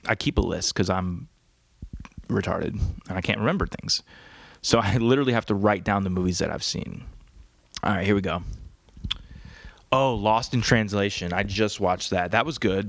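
A man's voice: fairly low pitch, moderate pace, vocal fry, long pauses, a bit bright, no room sound. A man hosting a casual solo podcast from home, rambling crudely and laughing at his own jokes. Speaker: podcast host. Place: home, on a couch.

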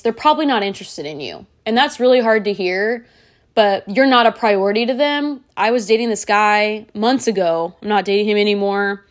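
A woman's voice: medium pitch, moderate pace. A woman in her thirties hosting a solo podcast, talking bluntly and candidly straight to the listener. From United States. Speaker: podcast host.

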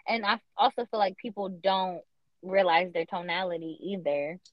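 A woman's voice: on the low side, fairly even intonation, normal speed, no echo. A young woman co-hosting a podcast, talking in a casual, emphatic, slangy way with lots of fillers. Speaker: podcast co-host. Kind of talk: casual chat. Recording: dull lo-fi podcast audio.

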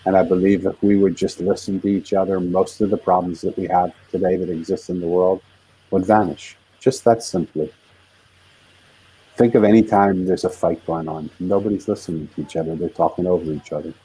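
Older man, husky voice, mellow low tone, earnest storytelling, heartfelt interview guest. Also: steady tone, brisk, rough recording. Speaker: author and guest speaker.

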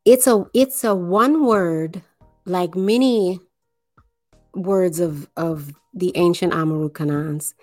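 A woman from the New Orleans area giving a slow explanatory monologue, with deliberate, drawn-out phrasing and pauses. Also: fairly low pitch, darkish tone, dry recording, soft background music.

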